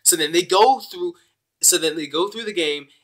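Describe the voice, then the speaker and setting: A young man giving a casual, rambling, excitable spoken review of an anime episode. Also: sits high, moderate pace. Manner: excitable, rambling, with many fillers.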